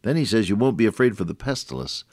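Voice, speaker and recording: A man's voice: lowish voice, lively intonation, quick pace, darkish tone, no room sound, studio quality. An older man giving a folksy radio sermon, chatty with frequent restarts and chuckles. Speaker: radio preacher.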